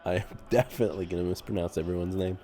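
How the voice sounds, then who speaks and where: Laid-back low-voiced male race commentator. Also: very fast, faint music behind. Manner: relaxed, laughs often, stumbles over names. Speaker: sim racing commentator.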